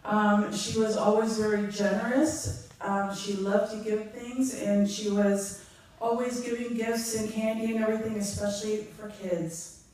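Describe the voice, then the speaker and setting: A middle-aged woman giving a funeral eulogy, halting and heartfelt, with frequent ums. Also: medium pitch, little pitch movement, a little mellow. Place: large echoey hall. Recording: echoey hall from far off.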